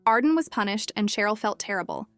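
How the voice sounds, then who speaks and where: A woman's voice: medium pitch, animated, quick pace, no room sound. Woman narrating a story over music.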